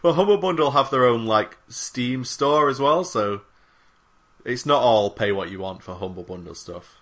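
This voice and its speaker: A man's voice: medium pitch, normal speed, fairly bright tone. A young man on a gaming podcast, rambling through a casual chat with lots of fillers. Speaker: podcast co-host.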